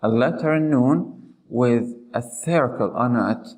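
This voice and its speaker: A man teaching how to pronounce letters, speaking slowly and deliberately, repeating example words and checking in with "okay?". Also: mid-range voice, darkish tone, poor audio. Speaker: Quran recitation teacher. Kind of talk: slow explanatory lesson.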